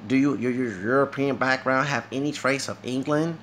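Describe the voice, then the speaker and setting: A man's voice: medium pitch, moderate pace, a bit bright, slight background noise. A man with a Southern US accent ranting to camera in a heated, mocking monologue and dropping Spanish phrases into his talk. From United States. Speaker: vlogger.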